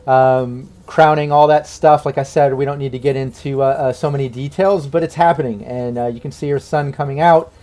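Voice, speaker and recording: Mellow-voiced male game master. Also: on the high side. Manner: easygoing, with many fillers and laughs. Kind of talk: narrating a tabletop game.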